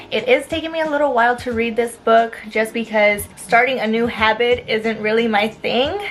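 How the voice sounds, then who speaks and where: A young adult woman telling a story in a casual vlog, chatty and animated, with lots of "like" and "um". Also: a little high, low-quality recording. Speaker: lifestyle vlogger.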